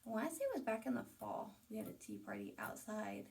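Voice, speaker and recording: A woman's voice: a little high, wildly swooping pitch, fast, gravelly, a little mellow, distant mic. A woman hosting a casual home vlog, talking chattily and enthusiastically at home as she shows things off. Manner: chatty, enthusiastic, with fillers and asides. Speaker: host. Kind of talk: casual home vlog, showing items to camera. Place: at home, indoors.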